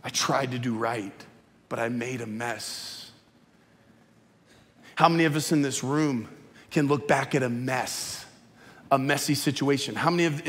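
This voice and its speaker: A middle-aged male pastor preaching a sermon in a large church auditorium, impassioned and conversational, at times dropping very quiet. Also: mid-range voice. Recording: echoey reverb of a large hall.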